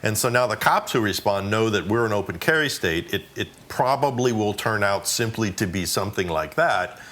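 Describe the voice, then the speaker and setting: Man, relaxed podcast co-host who chuckles a lot between points. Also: on the low side, normal speed. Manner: easygoing, laughs often. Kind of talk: casual podcast chat.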